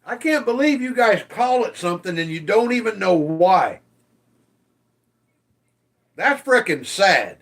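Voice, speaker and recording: A man's voice: high-pitched, expressive, moderate pace, few pauses. A man hosting a casual livestream, reading viewer comments aloud and teasing them, swearing freely. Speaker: livestream host.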